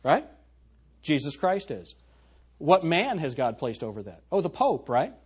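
A man's voice: on the high side, big pitch swings, a little slow, husky. A man preaching a sermon as pastor. He teaches verse by verse, reads scripture aloud in a raised voice and asks the congregation whether they agree. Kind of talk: expository sermon.

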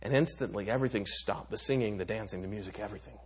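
Husky-voiced man telling a parable. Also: fairly low pitch, racing. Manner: dramatic storytelling with stammered restarts. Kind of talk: sermon storytelling.

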